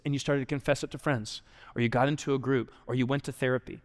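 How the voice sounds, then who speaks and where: A young adult male pastor giving an earnest, conversational sermon that drops quiet for emphasis. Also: medium pitch, fairly even intonation, fast talker. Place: large church auditorium. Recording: long hall reverb.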